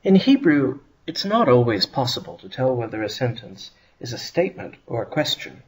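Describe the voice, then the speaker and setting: A male teacher talks through a grammar lesson at a measured pace. His pitch sits in the middle, but his intonation moves a lot, rising on the first word of a phrase and falling toward its end. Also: big pitch swings, rough recording. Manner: measured explanatory delivery with stressed phrase openings. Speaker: Hebrew teacher.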